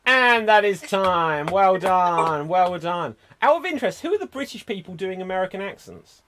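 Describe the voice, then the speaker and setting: A man hosting a live improv show over a video call, chatty and lively. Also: high-pitched, normal speed.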